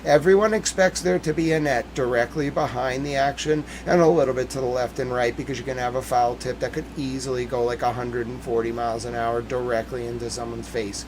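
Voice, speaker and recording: A man's voice: mid-range voice, steady tone, fairly quick, hardly any pauses, noisy background. A young man ranting in an exasperated, heated way as host of a casual talk stream. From Boston area, United States. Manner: heated, exasperated rant with frequent swearing and shouting.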